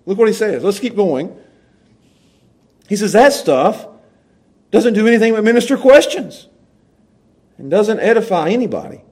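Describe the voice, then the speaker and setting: High-voiced man preaching a sermon. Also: very animated, moderate pace, long pauses, a little mellow. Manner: conversational preaching with frequent restarts and emphatic repetition. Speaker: pastor.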